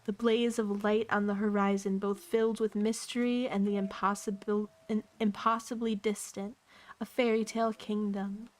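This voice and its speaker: Woman calmly reading a novel aloud. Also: medium pitch. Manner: calm, unhurried reading with occasional throat clearing. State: slightly losing her voice. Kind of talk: book reading on a livestream.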